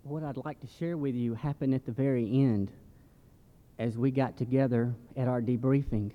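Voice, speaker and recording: A man of middling pitch tells his testimony in a measured, reflective way. The recording is dull and echoes with a long hall reverb. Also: steady tone. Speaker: church member giving mission testimony. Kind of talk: testimony in church. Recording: muffled church hall recording.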